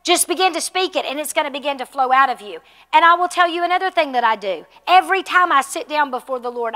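Bright-voiced woman teaching in an echoey hall. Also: high-pitched, fast talker. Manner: conversational, asks the room questions. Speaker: pastor teaching a class. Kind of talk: sermon teaching. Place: church hall.

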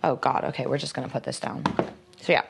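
A woman's voice: very deep voice, fairly even intonation, quick pace, gravelly, noisy background. A woman chatting casually through an unboxing, rambling with lots of filler words and self-mocking jokes. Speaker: magazine staffer presenting an unboxing.

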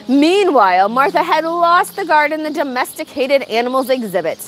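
A woman's voice: high voice, normal speed, hardly any pauses, a little hiss or hum. A woman reading a picture book aloud for storytime in a farm barn. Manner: animated, expressive.

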